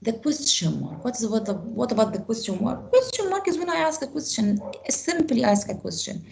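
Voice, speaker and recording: A woman's voice: on the high side, expressive, fairly quick, vocal fry, darkish tone, rough recording. Egyptian-accented female teacher, online class over a call mic, patient explainer with frequent restarts. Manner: repeats words, restarts phrases while explaining. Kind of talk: online grammar lesson.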